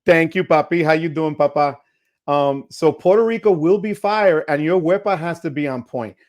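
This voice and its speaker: Host, male, 50s, playful teasing livestream chat, slightly high voice. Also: moderate pace, a little mellow. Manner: playful teasing, upbeat, mixes Spanish words.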